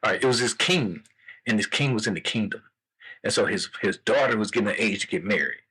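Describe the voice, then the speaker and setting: A man's voice: on the low side, expressive, fast talker, bright, forceful tone, breathy edge. A man hosting a casual talk show, laughing often and repeating himself as he tells jokes. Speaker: host. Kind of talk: casual chat.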